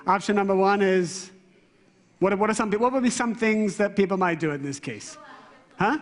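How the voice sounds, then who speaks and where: A man giving an animated, interactive lecture to a live class, asking the room questions and shifting his voice often. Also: high-pitched, moderate pace, big-room sound. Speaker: spiritual teacher.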